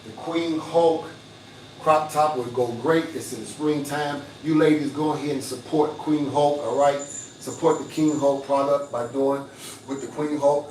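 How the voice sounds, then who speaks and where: A boastful older man hosts a casual livestream, hustling his viewers and turning preachy now and then. His voice sits at an ordinary pitch and comes through an echoey room. He stands back from the phone, with a faint hum underneath. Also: darkish tone, far from the mic. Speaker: livestream host.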